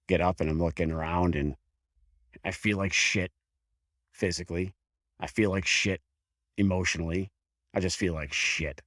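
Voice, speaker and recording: A man in his fifties from the Buffalo area, a career firefighter telling his story frankly in an interview, with halting restarts and some swearing. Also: deep voice, dry recording, clean studio sound. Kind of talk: candid personal storytelling in an interview.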